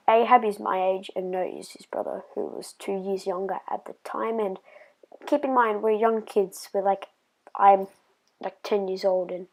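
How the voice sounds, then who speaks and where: A woman's voice: medium pitch, rough recording. A woman telling a personal story in a casual vlog, rambling and hesitant with lots of fillers, sometimes dropping to a whisper.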